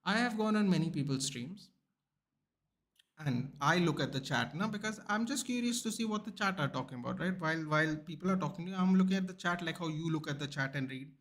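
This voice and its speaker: A young man from India, a streamer with a fairly high voice. He tells his stories in a heated, swearing rant, animated and fired up. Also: a little fast. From India (Goa). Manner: heated, profane, animated storytelling. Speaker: sports watchalong streamer. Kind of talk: casual ranting chat.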